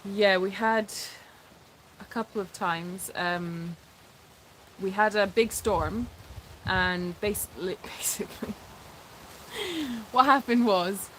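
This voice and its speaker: A woman's voice: medium pitch, slow pace, long pauses, a bit bright, slight background noise, poor audio. A woman with a Scottish accent co-hosting a casual live stream from an animal sanctuary, reading out viewer comments and answering them with frequent laughs. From Scotland.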